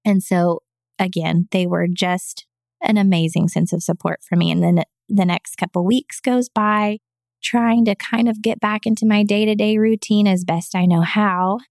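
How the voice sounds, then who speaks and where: A woman's voice: medium pitch, steady tone, normal speed, gravelly, a little mellow, no echo, clean studio sound. A woman telling her personal story as a podcast guest, speaking earnestly and with emotion. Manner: acts out quoted voices. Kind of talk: personal testimony in an interview.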